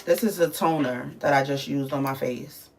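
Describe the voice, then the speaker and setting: Give me a chatty livestream host from the Bronx with a gravelly voice. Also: female voice, very deep voice, normal speed, darkish tone, a little hiss or hum. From the Bronx, New York. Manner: chatty, answers viewers' comments, loose with fillers. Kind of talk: casual livestream chat.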